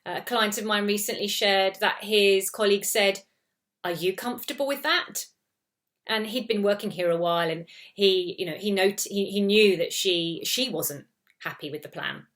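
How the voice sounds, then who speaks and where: A woman's voice: medium pitch, fairly even intonation, moderate pace, fairly bright tone. A British woman working as an intercultural trainer, giving advice to camera in a conversational way, with many "you know" fillers. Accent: British English. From Britain. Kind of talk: talking-head advice video.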